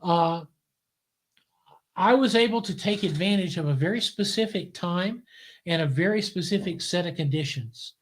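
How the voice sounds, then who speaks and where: Older man guest, animated storyteller, voices his quotes. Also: high voice, normal speed. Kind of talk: casual storytelling interview.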